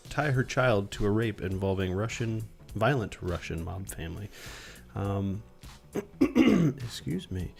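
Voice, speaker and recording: A man's voice: fairly low pitch, gravelly, a little mellow. A man hosting a casual movie podcast, methodically running through facts from his notes with dry jokes. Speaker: podcast host. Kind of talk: casual chat.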